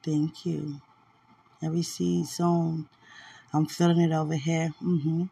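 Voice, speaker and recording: A drowsy woman speaks in a slow, unhurried drawl, her voice husky and gravelly with fry. She talks softly and affectionately in a casual, faith-filled chat, often trailing into quiet murmurs. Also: low voice, flat delivery. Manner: soft, drowsy and affectionate, with frequent laughs. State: sleepy. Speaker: podcast host.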